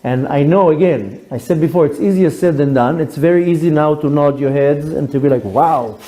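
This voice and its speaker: A male rabbi giving a sermon, animated and humorous, acting out voices as he talks. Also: a little high, a little fast, rough recording. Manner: animated storyteller, acts out quotes with humor.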